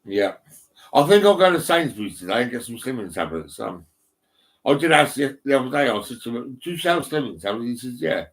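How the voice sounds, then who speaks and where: A man's voice: mid-range voice, very animated, brisk. A middle-aged man talking casually at home into a phone. His speech rambles, full of fillers and false starts, with frequent swearing. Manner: rambling, heavy swearing, many ums and restarts. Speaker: vlogger. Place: indoors at home, on a settee.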